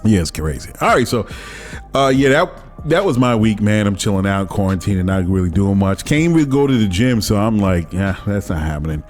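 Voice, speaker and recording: A man's voice: on the low side, very animated, fairly quick, darkish tone, faint music behind. A man hosting his own podcast, talking casually and animatedly, often laughing and mimicking other people's voices. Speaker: podcast host. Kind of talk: casual monologue. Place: home.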